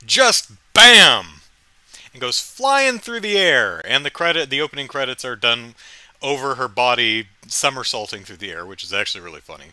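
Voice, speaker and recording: A man's voice: mid-range voice, big pitch swings, fairly quick, sharp tone, clear, resonant tone, no echo. A man hosting a casual solo podcast, recapping with wry, amused storytelling into a close mic. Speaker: podcast host.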